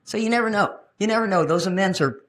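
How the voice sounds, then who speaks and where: A woman in her sixties from Texas, telling her own recovery story at a meeting in a frank, animated storytelling way with touches of humor. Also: medium pitch, fast talker. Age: 60s. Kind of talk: personal testimony at a recovery meeting. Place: meeting room.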